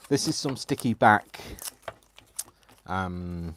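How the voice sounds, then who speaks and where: A man's voice: on the low side, very animated, normal speed, slight background noise. A man hosting a live craft stream, chatting casually and self-deprecatingly while he works. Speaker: craft livestream host.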